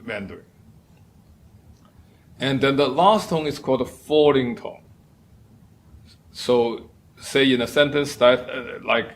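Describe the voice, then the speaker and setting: Slow, deliberate male professor. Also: mid-range voice, a little hiss or hum. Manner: slow, deliberate, demonstrates tones aloud. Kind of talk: lecture on poetry and tones.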